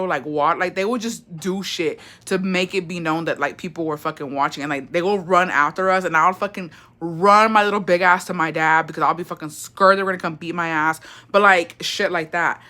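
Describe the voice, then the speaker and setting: Bright-voiced, foul-mouthed woman livestreamer. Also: on the low side, moderate pace. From Mexico. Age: 20s. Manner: chatty, profane, gossipy, reads chat aloud. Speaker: livestream host. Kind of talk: casual storytime livestream.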